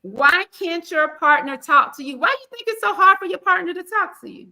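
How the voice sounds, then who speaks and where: Bright high-voiced sassy woman host. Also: a little fast. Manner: animated, sassy, preachy asides. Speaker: podcast host. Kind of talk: casual panel chat.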